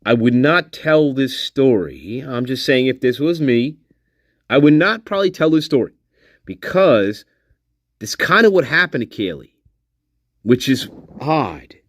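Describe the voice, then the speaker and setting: A man's voice: medium pitch, dry recording, clean studio sound. Rambling, swearing livestream man. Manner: swearing, rambling, laughs to himself; repeats himself, hedging opinions. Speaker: livestream host discussing a crime case. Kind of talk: casual live commentary with viewer shout-outs.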